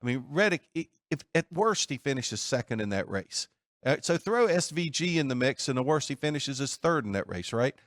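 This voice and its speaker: Steady male studio host. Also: medium pitch, a little fast, no echo. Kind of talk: sports betting talk show.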